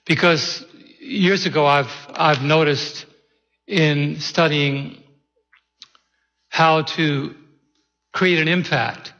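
A man preaching a sermon from the pulpit, praying and teaching in a deliberate way that stresses key words. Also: on the high side, fairly even intonation, pushed and bright, long reverb tail, highs cut off. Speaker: pastor. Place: church sanctuary.

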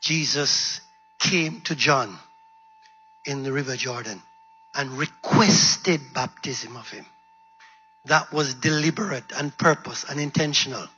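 A man preaching a sermon in a church, calling out to the congregation and repeating his points for emphasis, with a husky voice. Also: medium pitch, slow, long pauses, pushed and bright, dull audio. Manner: call-and-response preaching, repeating lines for emphasis. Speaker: pastor. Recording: live sermon in a reverberant hall with faint music.

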